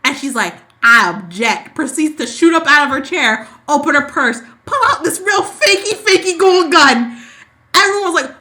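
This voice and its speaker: A bright-toned woman with a slightly high voice. She chats her way through a soap opera recap and slips into the characters' lines with sass. The feel is loose, casual podcast banter. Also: moderate pace, hardly any pauses, slight background noise. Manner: animated storyteller who acts out characters' lines. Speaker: podcast co-host.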